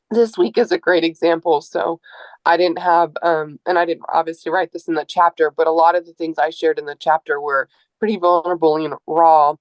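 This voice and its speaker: A woman's voice: low-pitched, dry recording. Earnest woman in her forties, dry sound. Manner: earnest, open, with frequent um and uh. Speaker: author and educator speaking to an audience. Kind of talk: candid personal talk at a book event. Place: room with a live audience.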